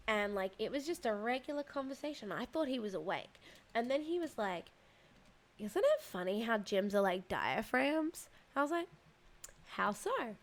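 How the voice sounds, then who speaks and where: A woman streamer chats casually while she plays, her voice sitting a little high. She tells stories in an animated way and laughs as she goes. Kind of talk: casual gaming chat.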